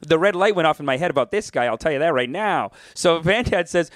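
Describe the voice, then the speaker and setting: A man's voice: on the high side, fast talker, no echo, studio quality. A man who co-hosts a podcast and does stand-up comedy, chatting casually, laughing a lot and slipping into bits. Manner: animated, laughing, breaks into act-outs.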